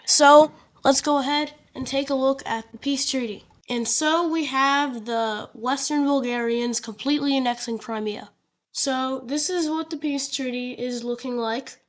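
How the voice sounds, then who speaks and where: A woman's voice: high voice, unhurried. A woman narrating an alternate-history map story in a casual, chatty way, with fillers and jokey asides.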